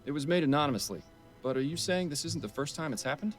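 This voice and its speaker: An actor voicing a serious, to-the-point detective in a game, speaking in a dry, measured way. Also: male voice, a little high, lively intonation, soft background music, natural voice. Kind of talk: voiced game dialogue.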